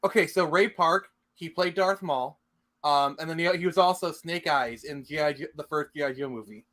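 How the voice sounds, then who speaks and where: A man's voice: on the high side, normal speed, a bit bright. A young man co-hosting a casual movie podcast, chatty and full of trivia, laughing easily. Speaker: podcast co-host. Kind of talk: casual movie review chat.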